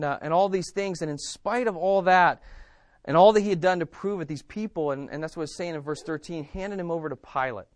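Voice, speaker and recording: A pastor preaching to his church in a high-pitched male voice. He presses his points hard, repeating and restarting phrases. The sound is dry and close, with no room echo. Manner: emphatic, repeating words with frequent restarts. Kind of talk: sermon.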